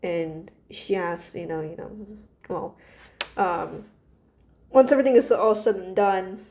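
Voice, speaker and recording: Woman, warm mellow voice, gentle hesitant ramble full of ums and restarts. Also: mid-range voice, expressive, unhurried, slight background noise. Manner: hesitant, many fillers and restarts. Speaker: creator discussing her characters. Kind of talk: casual rambling monologue.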